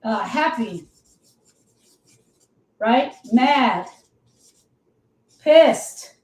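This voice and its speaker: Woman, fairly high voice, grief coach, emphatic, repeats herself, echoey room. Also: expressive, extremely slow, darkish tone. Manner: emphatic, repetitive, addresses listeners directly. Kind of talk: live teaching talk.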